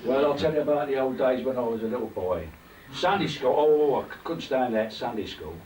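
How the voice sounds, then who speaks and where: An older man telling comic stories to a live party crowd in a chatty, teasing, animated way. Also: medium pitch, brisk, slight background noise. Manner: chatty, teasing, animated anecdotes with many asides. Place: party hall. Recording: echoey room, distant mic, loud crowd laughter.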